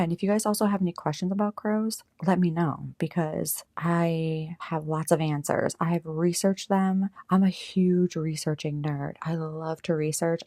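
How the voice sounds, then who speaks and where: A woman's voice: low voice, darkish tone, no room sound, studio quality. A woman podcaster chatting casually and rambling, with lots of filler words. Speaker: podcaster and YouTuber. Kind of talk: casual chat.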